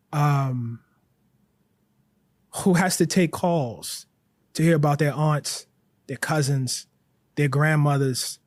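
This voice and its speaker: A man being interviewed, speaking earnestly and growing animated, with frequent "like" and "you know" fillers. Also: fairly high pitch, no room sound. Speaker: interview guest, writer. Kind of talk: impassioned interview talk.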